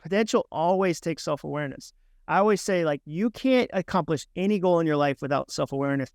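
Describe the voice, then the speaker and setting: Animated man with a clear, smooth voice. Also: on the high side, fast, no room sound, studio quality. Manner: animated, illustrates points with voiced inner dialogue. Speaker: author and speaker, podcast guest. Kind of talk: conversational interview, storytelling with acted quotes.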